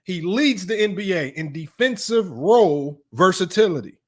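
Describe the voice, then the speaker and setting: Hosting a sports debate show, a man with a high-pitched, animated voice reads statistics aloud at a moderate pace. Between the numbers he rants to viewers, taunting his critics in a combative, mocking way.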